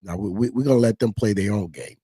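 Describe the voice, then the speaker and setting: A man gives casual political commentary, rambling and animated. His voice is husky and mellow. The sound is dry and close. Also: fairly low pitch, fast, dry recording. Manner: animated, rambling, mocks others in put-on voices.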